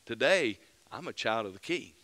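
A man preaching a fervent mid-week sermon as pastor, building to loud emphatic peaks and dropping back to earnest plain talk. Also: mid-range voice, animated, moderate pace. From United States.

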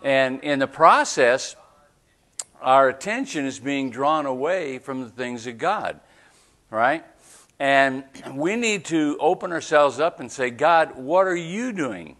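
A man's voice: mid-range voice, expressive, slow pace, a bit bright. A man preaching a sermon at a church service, talking in a conversational way and often checking in with the congregation. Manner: conversational preaching with frequent "right?" asides. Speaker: pastor.

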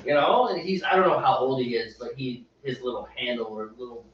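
A middle-aged man hosting a casual homebrew livestream, chatting in a rambling, animated way. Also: medium pitch, a little fast. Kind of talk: casual chat. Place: home brewing spot. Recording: echoey, distant, dull room audio.

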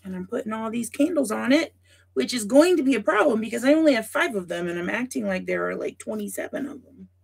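This scrapbooking livestream host talks fast in a slightly high, animated voice that is creaky and husky. She chats with her viewers by name while crafting and thinks aloud, full of asides.

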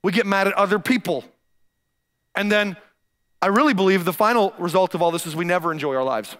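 A man preaching a sermon in a high, lively voice. He is emphatic and animated, hammering his points home by repeating them. His tone is bright and forceful, aimed at a congregation. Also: a little fast. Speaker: pastor. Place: church stage.

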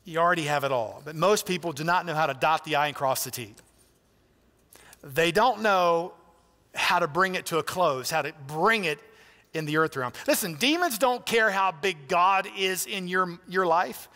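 A man's voice: high-pitched, pushed and bright, in a large hall. A man pastor preaching a sermon in a church, in a conversational, emphatic way with direct appeals to listeners. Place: church sanctuary.

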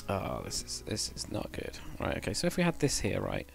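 A man's voice: on the low side, wildly swooping pitch, a little fast, gravelly, a bit bright, soft background music. A man casually chatting on a game livestream, thinking aloud while building and answering chat. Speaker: game streamer.

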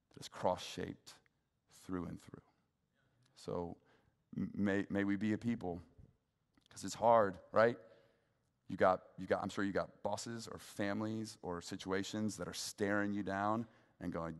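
Low-voiced male minister preaching. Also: big-room sound. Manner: conversational preaching with casual fillers. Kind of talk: sermon. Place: church sanctuary.

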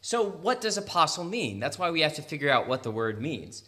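A young man with an American accent giving a conversational sermon, laughing often and making quick asides. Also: on the high side, sing-song, pushed and bright. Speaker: preacher.

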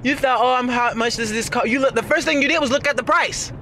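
A man's voice: very high voice, fast talker, pushed and bright. Chatty young man venting while driving. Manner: chatty ranting, laughs often, trails off with fillers. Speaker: vlogger. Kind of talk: casual car vlog monologue. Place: inside a car while driving. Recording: car and road noise behind voice. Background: road and traffic noise.

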